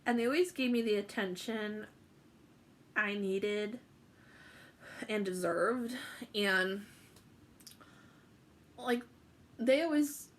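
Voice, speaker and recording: A woman's voice: mid-range voice, slow pace, pauses often, a little hiss or hum. A young woman telling a personal story to camera, chatty and emotional, with many fillers and restarts. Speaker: vlogger.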